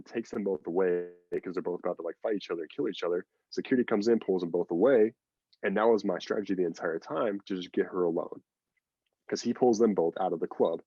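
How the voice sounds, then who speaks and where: A man's voice: low voice, darkish tone, breathy edge, dry recording, highs cut off. A man guest on a podcast, telling a long story in a rambling, casual way with lots of fillers and acted-out quotes. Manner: rambling, filler-heavy, acts out quoted lines.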